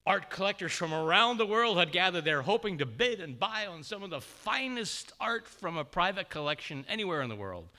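A man's voice: high voice, very animated, fairly quick, hardly any pauses, sharp tone. A man preaching a sermon, telling a story with feeling and briefly voicing the characters.

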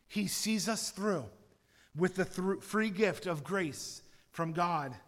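Man preaching in an echoing sanctuary, bright and earnest pastor. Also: high-pitched, takes it slowly. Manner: earnest preaching, repeats "friends" and "Father". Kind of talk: sermon. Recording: long hall reverb.

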